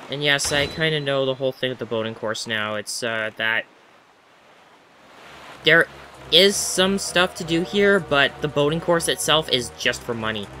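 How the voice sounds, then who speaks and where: A man's voice: mid-range voice, normal speed, sharp tone, slight background noise. A man giving casual let's-play commentary, chatty and rambling as he talks to himself while playing.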